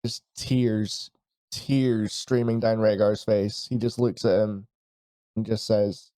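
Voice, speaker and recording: A man's voice: on the low side, little pitch movement, takes it slowly, mellow, dry recording. A man playing a tabletop game, talking in a plain, conversational way. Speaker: player. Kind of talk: casual tabletop game play.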